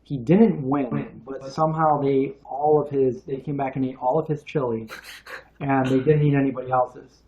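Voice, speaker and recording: A man's voice: medium pitch, steady tone, normal speed. A man co-hosting a casual livestream, telling rambling stories with restarts and asides. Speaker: co-host of vegan cooking livestream. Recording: dull lo-fi stream audio.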